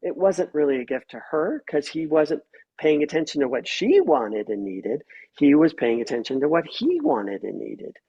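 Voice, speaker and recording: A middle-aged man talks as a podcast guest in a slightly high, husky voice. He explains his points with lively stories and slips into acted-out quoted lines. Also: normal speed, dull audio. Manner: animated storyteller who acts out quoted voices. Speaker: guest therapist and author. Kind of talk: podcast interview.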